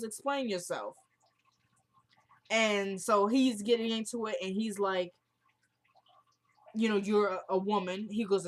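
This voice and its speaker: A woman's voice: mid-range voice, fairly bright tone. A woman casually recapping a TV episode for viewers, retelling each scene line by line with "he goes, she goes" and stopping to give her own blunt opinions. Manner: chatty and opinionated, talks straight to viewers.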